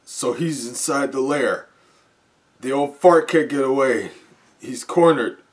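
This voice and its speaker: A man voicing a brash, fearless female rabbit hero from a comic, with cocky, taunting lines read a little higher than his own voice. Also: slow, close to an everyday voice.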